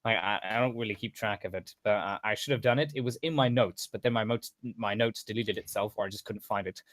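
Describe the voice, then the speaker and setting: A man's voice: lowish voice, fast, fairly bright tone, dry recording. A man casually coaching a voice-training session over voice chat, rambling with frequent restarts and asides.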